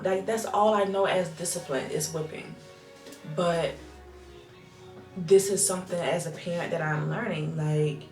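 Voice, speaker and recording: Slow-talking mother, low and earnest. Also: reverberant. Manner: earnest, thinks aloud with restarts and repetition. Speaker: vlogger and mother. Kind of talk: casual reflective talk to camera.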